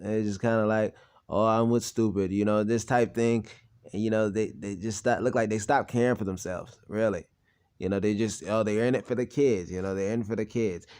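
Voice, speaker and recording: A man's voice: fairly low pitch, fairly even intonation, brisk, a little mellow, clean tone. A young man talking in a blunt, rambling, profane personal monologue as a channel host.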